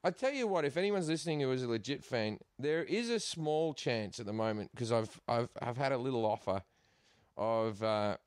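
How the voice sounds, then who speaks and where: A middle-aged Australian comedian telling stories in a casual chat, animated and quick to laugh, acting out other people's lines. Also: male voice, medium pitch, clean tone, no room sound, studio quality. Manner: animated, acts out quotes in put-on voices, laughs often. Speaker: guest comedian. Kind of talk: casual storytelling.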